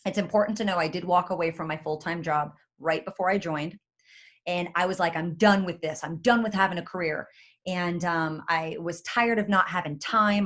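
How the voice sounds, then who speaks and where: A woman, giving an excitable, chatty motivational talk on a video call and speaking straight to her audience. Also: fairly low pitch. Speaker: guest speaker.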